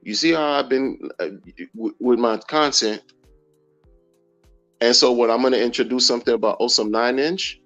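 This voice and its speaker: A man hosting a casual crypto livestream, talking in an animated, slangy way with lots of repeated phrases. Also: mid-range voice, moderate pace. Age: adult. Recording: dull lo-fi audio with faint music.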